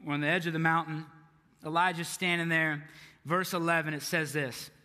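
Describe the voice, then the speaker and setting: A young man preaching a sermon in a casual, storytelling way, moving between hushed lines and emphatic ones. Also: a little high, fairly even intonation, moderate pace. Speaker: pastor. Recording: echoey hall with long reverb.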